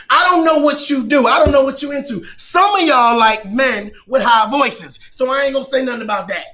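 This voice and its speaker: Loud, high, bright-voiced man riffing. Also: moderate pace, hardly any pauses. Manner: loud, preachy storytelling with shouting and laughing asides. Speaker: comedian. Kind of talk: animated comedic monologue.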